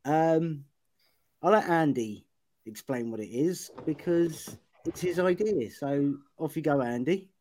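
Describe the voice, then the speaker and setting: Give me a casual man as a podcast host, self-deprecating and relaxed. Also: on the high side, slow, a little hiss or hum. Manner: chatty, self-deprecating, with many ums. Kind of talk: casual chat, hosting a podcast game.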